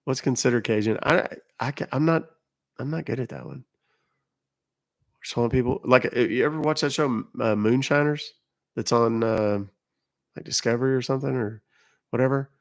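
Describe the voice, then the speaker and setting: A man's voice: medium pitch, normal speed, pauses often. A man hosting a live stream, chatting casually with viewers, reading out their comments and explaining phone and email rules. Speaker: livestream host.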